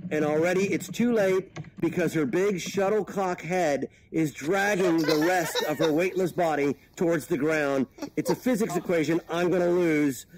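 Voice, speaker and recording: High-voiced rambling stand-up comedian. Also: male voice, low-quality recording. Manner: rambling, self-mocking, lots of ums. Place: virtual world comedy venue. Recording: loud crowd chatter behind.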